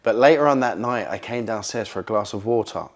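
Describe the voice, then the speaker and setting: A man, a guest in an interview, telling stories in a lively, casual way and often repeating words. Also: lowish voice, fairly quick. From England. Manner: animated, repeats words, acts out quoted speech, swears casually. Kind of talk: casual storytelling.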